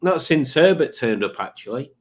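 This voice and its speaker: Man, live-stream host, chatty and jokey, waffles and restarts, mid-pitched voice. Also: very animated, moderate pace. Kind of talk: casual live-stream chat, reading viewer comments.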